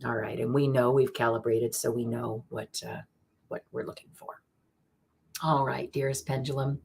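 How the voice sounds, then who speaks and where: A woman hosting a live-stream psychic reading. She chats excitedly with viewers by name and slows into solemn invocations. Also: rumbling low, creaky, slight background noise. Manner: slow solemn invocation prayers. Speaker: online psychic reader. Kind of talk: live-stream divination chat.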